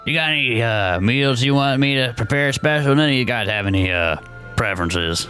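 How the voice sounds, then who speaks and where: A man voicing an older, gruff male gnome camp cook who talks bluntly in crude country slang. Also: mid-range voice, lively intonation, normal speed, pushed and bright, faint music behind.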